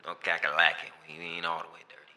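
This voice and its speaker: Southern male podcast co-host, deep bright voice, relaxed slangy banter. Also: rapid-fire. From North Carolina. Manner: laid-back joking banter, slangy. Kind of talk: casual chat.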